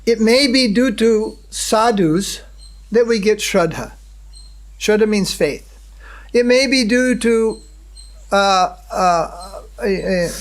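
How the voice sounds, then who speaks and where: High-voiced man giving a devotional lecture. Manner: checks in with the audience with a questioning hum; unhurried, halting, with many fillers and restarts. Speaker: spiritual teacher.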